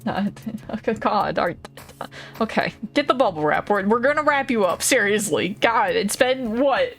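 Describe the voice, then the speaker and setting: Brief: woman game streamer, casual and giggly, a little swear-happy, mid pitch. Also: animated, measured pace, a bit bright. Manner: chatty, laughs often, swears casually. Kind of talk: casual live-stream chat. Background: faint background music.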